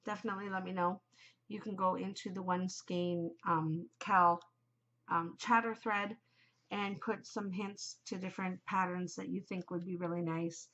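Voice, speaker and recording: A woman's voice: on the low side, flat delivery, normal speed, a bit bright. Chatty, gushing woman podcast host. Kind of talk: casual chat. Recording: muffled lo-fi home recording.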